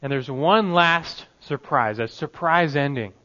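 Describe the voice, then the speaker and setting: A man preaching a sermon in a conversational, emphatic way, swinging between loud bursts and low, soft asides. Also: measured pace, highs cut off. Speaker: pastor.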